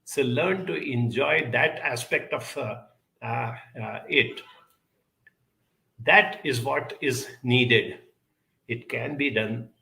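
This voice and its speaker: Gravelly bright-voiced man giving a talk. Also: medium pitch, echoey room, rough recording. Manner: measured, emphatic, frequent uh fillers. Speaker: speaker answering audience questions. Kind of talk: live talk on emotional intelligence.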